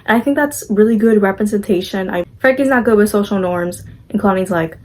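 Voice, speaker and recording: A woman's voice: mid-range voice, fairly quick, few pauses, darkish tone, slight background noise, low-quality recording. A young woman casually recapping a movie, chatty and gushing, acting out the characters' lines as she goes.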